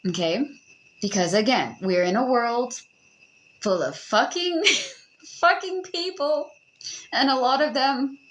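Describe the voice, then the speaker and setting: A young woman talks straight to her listeners in a loose, joking podcast chat, animated and quick to swear. Her voice sits a little high, with a faint hiss of background noise under it. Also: low-quality recording. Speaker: podcast host. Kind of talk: casual advice chat.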